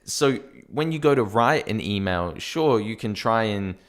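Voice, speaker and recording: Man, Australian accent, lowish voice, casual podcast chat, animated, laughs a lot. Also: a little slow. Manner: animated, laughs often, tells anecdotes. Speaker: podcast co-host, software company founder.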